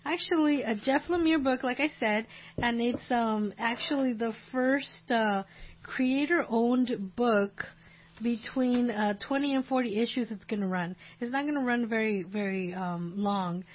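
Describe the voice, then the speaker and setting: A woman's voice: on the high side, a little slow. A woman co-hosting a podcast in casual chat, chatty, laughing often, with many ums. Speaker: podcast co-host. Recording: dull lo-fi sound.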